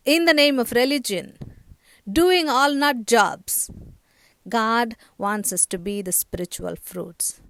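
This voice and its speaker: Woman pastor giving a sermon, kinda high voice, leans on her words, dry close sound. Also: no room sound. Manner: storytelling preacher with emphatic, slowed phrases.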